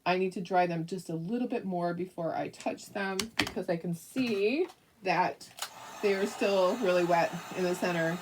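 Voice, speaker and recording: A woman's voice: on the low side, moderate pace, recorded from a distance, noisy background. A middle-aged woman hosting a casual live craft tutorial, chatty and rambling, with lots of fillers and frequent laughs. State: hiccups.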